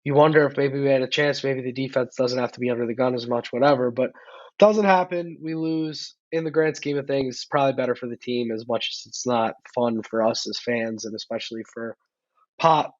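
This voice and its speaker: A man's voice: mid-range voice, steady tone, no room sound, highs cut off. A man co-hosting a sports podcast, talking bluntly and speeding up when riled about his team. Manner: blunt, opinionated, fast when heated. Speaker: podcast co-host. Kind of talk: casual sports chat.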